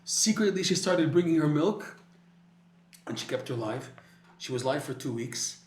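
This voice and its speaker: A man's voice: fairly high pitch, moderate pace, echoey room. A man teaching a Torah class, telling a story animatedly with frequent restarts and repeated words.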